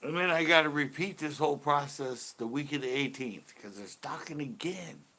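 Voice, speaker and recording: A man's voice: on the high side, moderate pace, bright, forceful tone. A man hosting a fishing channel, chatting casually on a live stream, rambling and joking and slipping into put-on accents.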